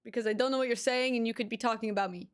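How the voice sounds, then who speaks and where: A woman's voice: fairly high pitch, steady tone, very fast, smooth. A woman livestreamer chatting casually with her viewers while reacting to pet videos, rambling with lots of fillers and cooing over the animals.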